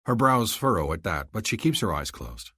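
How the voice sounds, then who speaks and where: Brief: husky, animated male narrator for a romance audiobook. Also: on the low side, moderate pace, no room sound, clean studio sound.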